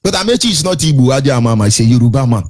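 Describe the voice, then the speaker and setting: A man's voice: mid-range voice, very animated, very fast, a little mellow. A man with a Nigerian accent hosting a radio show, giving indignant commentary with repeated rhetorical questions and a sing-song lilt. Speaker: radio host.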